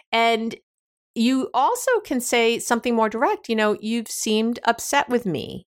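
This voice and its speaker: A woman therapist hosting an advice show, talking through example conversations with frequent restarts and acted-out questions. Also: mid-range voice. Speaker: therapist host. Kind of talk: advice podcast talk.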